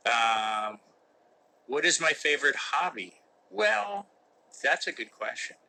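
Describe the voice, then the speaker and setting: An American actor in middle age hosts a live Q&A from an indoor room whose window doesn't open, reading fan questions and answering with mock-serious jokes. His medium-pitched voice is slow, sing-song, creaky and sharp, and the audio quality is poor.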